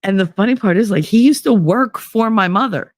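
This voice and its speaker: A woman's voice: medium pitch, fairly quick, no echo, studio quality. A middle-aged woman, telling a story in casual, profane podcast chat, laughing and acting out the voices of the people in it. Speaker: podcast host.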